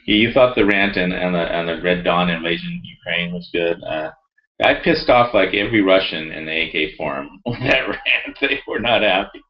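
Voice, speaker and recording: A man's voice: sits low, normal speed, dull audio. A man ranting heatedly in a rambling, profane way and reading his own forum post aloud. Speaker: video blogger.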